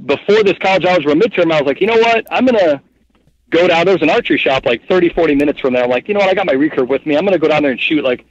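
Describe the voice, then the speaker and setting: A man's voice: fairly high pitch, very fast, slightly rough, dry recording. Chatty thirties man, dry muffled sound. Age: 30s. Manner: rambling, filler-heavy, animated retelling. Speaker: guest. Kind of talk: casual storytelling interview. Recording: dull, muffled podcast audio.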